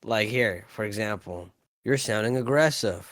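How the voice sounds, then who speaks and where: A man co-hosting a podcast in casual chat, animated and prone to shouting bursts. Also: fairly low pitch, normal speed, dry recording, clean studio sound. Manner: animated, bursts into shouting when making a point. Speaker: podcast co-host.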